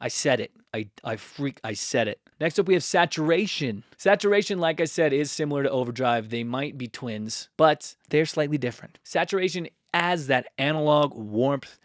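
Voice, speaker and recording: A man's voice: fairly high pitch, expressive, normal speed, hardly any pauses, no room sound. A man hosting a casual music-production tutorial, chatty and self-mocking, talking close to the mic. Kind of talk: casual tutorial, ranking plug-ins. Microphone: close studio mic.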